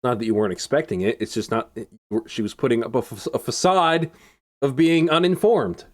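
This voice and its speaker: A man's voice: mid-range voice, fairly quick. Sarcastic young man commenting on a game. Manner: sarcastic, rambling, laughs often. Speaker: gaming YouTuber.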